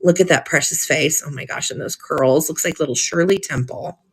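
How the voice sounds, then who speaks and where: Chatty lady running a live sale stream, gushy and giggly, voice on the low side. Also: moderate pace, fairly bright tone, slightly rough. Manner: chatty and gushing, often giggling. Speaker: host of a live vintage sale. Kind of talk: casual live-sale chat, reading old cards aloud.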